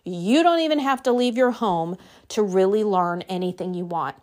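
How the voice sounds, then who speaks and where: A woman's voice: mid-range voice, normal speed, darkish tone. Woman life coach, motivational to-camera talk, emphatic and direct, mid-range voice, numbered takeaways. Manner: repeats phrases for emphasis.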